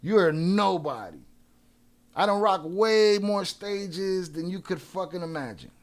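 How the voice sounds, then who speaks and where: Profane, combative male stream host. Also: sits high. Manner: profane and combative, trash-talking trolls; quick shout-outs with filler "uh" and restarts. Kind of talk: casual live-stream chat.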